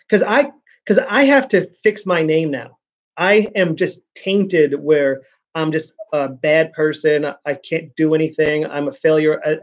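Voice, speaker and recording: Man venting on a dull lo-fi recording. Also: fairly high pitch. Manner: frustrated venting, repeats words. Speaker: vlogger. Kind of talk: casual rambling vlog.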